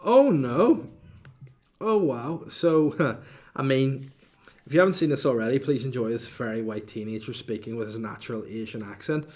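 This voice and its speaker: A man hosts a relaxed solo podcast in a mid-range voice. He talks in a chatty, cheeky way, rambling through asides and reading out listener questions. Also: mid-range voice, moderate pace. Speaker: podcast host. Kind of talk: casual solo podcast chat.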